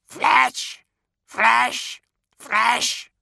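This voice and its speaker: A man voicing a flock of hungry, cackling crows with shrill squawking cries. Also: flat delivery, extremely slow, vocal fry, pushed and bright, no echo, studio quality, heavily acted. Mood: greedy squawking.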